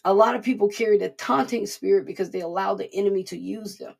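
A woman's voice: mid-range voice, quick pace, creaky, a little mellow, husky. A woman giving an informal devotional sermon in an earnest, repetitive, conversational way. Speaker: preacher.

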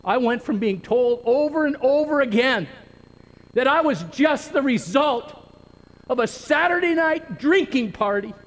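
A man preaching a sermon, deliberate and emphatic, drawing out key words for weight. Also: extremely high pitch, expressive. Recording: long reverb with faint noise.

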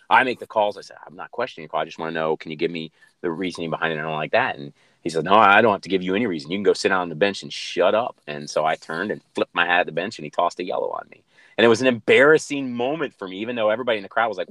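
A man's voice: sits low, a bit bright, no echo. A middle-aged man, a coach, telling reflective stories in an interview, rambling with restarts. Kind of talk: interview storytelling.

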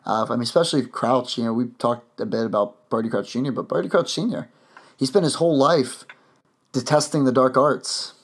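A man hosting a podcast, chatting casually and rambling with lots of fillers and restarts. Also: mid-range voice. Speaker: podcast host.

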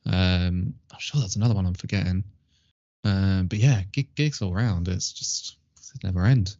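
A man co-hosting a podcast in casual chat, relaxed and self-deprecating. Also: deep voice, normal speed, no echo. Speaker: podcast co-host. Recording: dull lo-fi audio.

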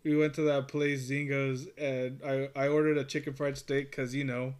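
A man in relaxed casual conversation tells a long, rambling story, peppered with curses and laughs. His voice sits at a middling pitch. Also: moderate pace, smooth. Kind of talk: casual chat.

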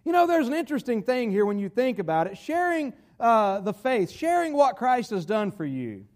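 A male pastor preaching a sermon in a folksy, emphatic way, slowing down to stress key phrases. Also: very high voice, sing-song, a little mellow.

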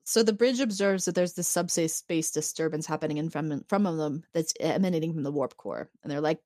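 Podcast co-host, female, animated storyteller who laughs a lot, dry close mic. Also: low voice, fairly quick, hardly any pauses, no echo. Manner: animated storytelling, acts out quotes, laughs often. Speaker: podcast co-host recapping an episode. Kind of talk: casual chat.

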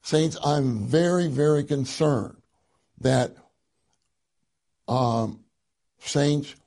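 A man giving an earnest sermon to a congregation, reading passages aloud and slowing down to stress key words. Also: on the high side, warm tone. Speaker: church speaker.

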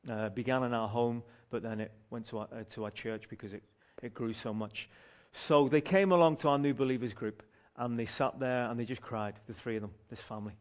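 A man, a street pastor telling a story from the pulpit in an animated way, often restarting his phrases. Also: mid-range voice, brisk, few pauses. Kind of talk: sermon testimony storytelling.

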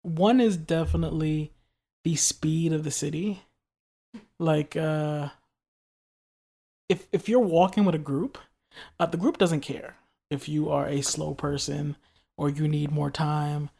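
A man's voice: on the high side, steady tone, unhurried, vocal fry, pauses often, mellow. A man from New York chatting casually on a podcast. He tells stories loosely and jokes often, with plenty of "uh" and "like" along the way. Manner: laid-back, joking, loose storytelling with fillers. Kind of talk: casual chat.

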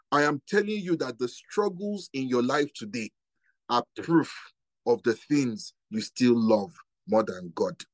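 Impassioned preaching man, high-pitched. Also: dry recording. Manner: impassioned, emphatic preaching with repeated rhetorical questions. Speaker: guest pastor. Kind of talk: sermon.

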